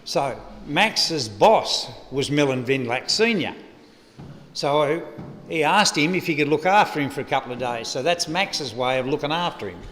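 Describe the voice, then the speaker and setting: In an echoey funeral hall, an Australian-accented man at a lectern mic gives a eulogy built around a long, humorous yarn. His slightly high voice is expressive and fairly bright at a normal pace, with slight background noise.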